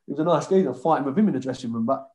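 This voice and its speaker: This man speaks rapidly in a mid-range voice. He's an ex-footballer appearing as a guest, spinning stories in a casual, banter-heavy conversation full of swearing.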